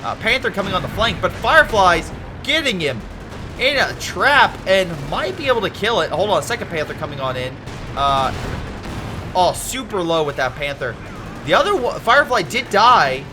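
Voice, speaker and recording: A man casually commentating a strategy game replay, animated and excitable, joking and swearing at the screen. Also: sits high, moderate pace, music in the background.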